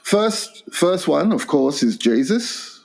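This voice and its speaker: An older man, co-hosting a crude comedy podcast with a profane, deadpan storytelling delivery. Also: fairly high pitch, takes it slowly, creaky. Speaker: podcast co-host.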